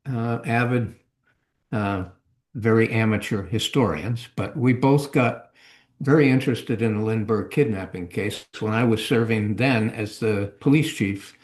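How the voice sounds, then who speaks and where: Measured older man explaining a case. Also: medium pitch, a little mellow. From New Hampshire, USA. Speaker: retired police chief, interview guest. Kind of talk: casual video interview.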